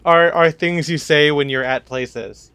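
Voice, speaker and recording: A man co-hosting a podcast in casual comedic chat, bantering with quick absurd tangents. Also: a little high, pushed and bright, clear, resonant tone, dry recording. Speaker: podcast co-host.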